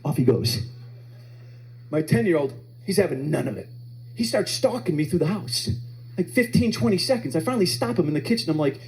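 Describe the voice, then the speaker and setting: A male stand-up comic with a high, lively voice and a mellow tone. He tells stories animatedly and acts out his children's voices. The set is performed live at a comedy club. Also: a little fast, rough recording. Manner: animated storytelling, acting out kids' voices.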